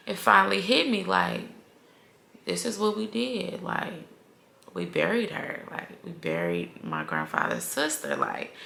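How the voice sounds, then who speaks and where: A young woman talks straight to her viewers in a loose, rambling vlog style. Her low voice carries gravelly fry and a bright, forceful edge. The room around her rings with echo. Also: sing-song, a little slow. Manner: chatty, rambling, heavy use of "like". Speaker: vlogger. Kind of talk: casual personal vlog talk.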